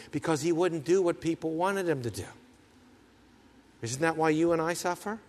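A man preaching a sermon as pastor, emphatic, asking rhetorical questions and swinging from loud to hushed. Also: a little high, long reverb tail.

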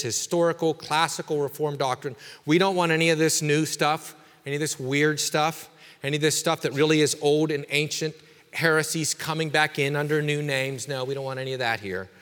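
A man pastor preaching a sermon with emphatic delivery, dropping quiet and then rising to forceful exhortation. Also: on the high side, in a large hall.

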